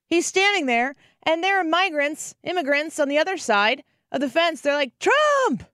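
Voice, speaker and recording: A woman in her thirties hosting a talk radio show, telling stories with animated energy and acting out the quotes. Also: high voice, normal speed, dry recording, studio quality. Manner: animated storytelling, acts out quotes. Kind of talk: conservative talk radio monologue.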